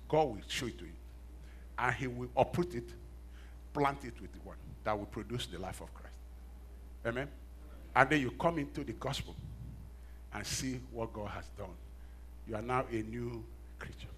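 A middle-aged man preaching a sermon, telling stories with self-mocking laughs and swinging from hushed asides to loud emphatic bursts. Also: medium pitch, slight background noise. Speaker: pastor.

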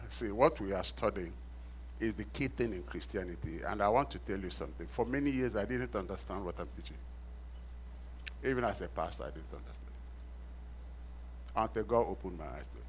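Middle-aged pastor preaching with call-and-response. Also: male voice, fairly low pitch, slight background noise. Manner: asks the congregation to finish his sentences; repeats key phrases for emphasis. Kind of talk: sermon.

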